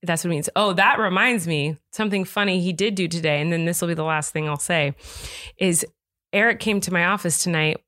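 A woman's voice: fairly low pitch, a little fast, fairly bright tone, dry recording, clean studio sound. A woman in her thirties co-hosting a podcast at home, chatting casually and laughing often. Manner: chatty, laughs often, jumps into silly voices. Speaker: podcast co-host. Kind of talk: casual chat. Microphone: large studio microphone.

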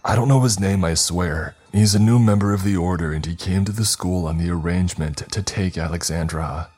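A man's voice: low-pitched, fairly quick, a little mellow, slightly rough, faint music behind. A man voicing a middle-aged male school principal who blusters, then pleads defensively. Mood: pleading.

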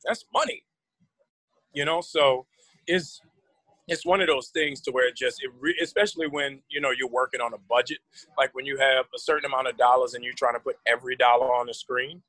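A man in his forties, a guest in a casual interview, telling lively stories and slipping into voices for anecdotes. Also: mid-range voice, a little fast, no echo, low-quality recording. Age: 40s. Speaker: actor guest.

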